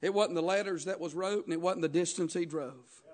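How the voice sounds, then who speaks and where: Preacher guy, really high voice, keeps saying uh and amen, gets shouty. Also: fairly quick. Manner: rhythmic preaching with frequent "uh" and "Amen?" call-outs, rising to shouts. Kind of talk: sermon.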